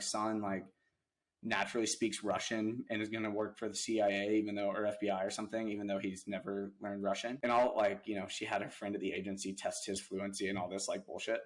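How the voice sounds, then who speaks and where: A man's voice: lowish voice, fairly quick, poor audio. A young adult man casually telling an anecdote as a podcast guest, rambling with lots of "like" fillers. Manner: rambling, heavy use of "like" fillers. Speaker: podcast guest, real estate investor.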